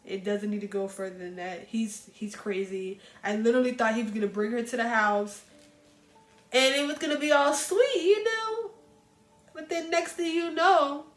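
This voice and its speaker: Chatty woman, echoey room. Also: fairly high pitch. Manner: chatty and animated, addresses viewers as "y'all". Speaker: book reviewer. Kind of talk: casual book recommendation chat. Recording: echoey room with faint music.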